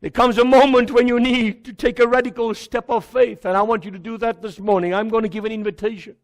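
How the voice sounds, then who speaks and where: A South African man preaches to his congregation with fervour, his voice set very high and roughened by gravel. He hammers on repeated words and swings from near-whispers to shouts. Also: level tone, quick pace. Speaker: pastor. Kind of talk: sermon. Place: church before a congregation.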